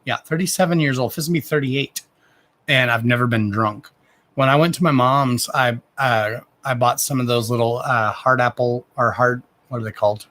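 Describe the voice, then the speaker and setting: A man's voice: mid-range voice, normal speed, a bit bright. A man in his thirties chatting casually on a live stream as a card reader, rambling, with frequent restarts and loose swearing. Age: 30s.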